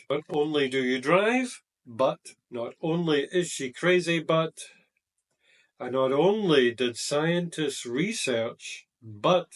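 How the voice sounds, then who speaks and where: A man teaching exam grammar, explaining slowly and deliberately and stressing key words. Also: fairly high pitch, distant mic. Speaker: IELTS teacher.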